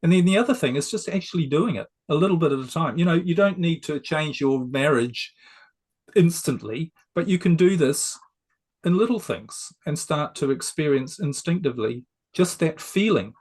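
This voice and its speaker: A man who is a success coach, a guest on an interview show, explaining ideas in a gently persuasive, conversational way. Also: on the high side, animated, moderate pace.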